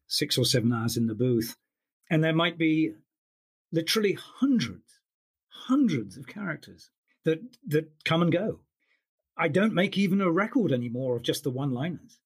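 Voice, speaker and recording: A man's voice: on the high side, expressive, normal speed, husky. A man who works as an audiobook narrator, talking thoughtfully in an interview with frequent restarts. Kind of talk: interview conversation.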